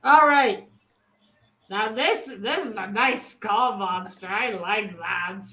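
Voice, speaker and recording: A woman's voice: medium pitch, slow pace, pushed and bright, roomy sound, poor audio. A woman hosting a casual online panel chat, chatty and laughing often, swearing casually. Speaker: panel host.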